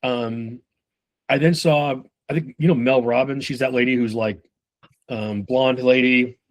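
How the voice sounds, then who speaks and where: A man giving casual sales-management coaching, talking loosely and with profanity while acting out quick snippets of conversation. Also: mid-range voice, fairly even intonation. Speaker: sales trainer.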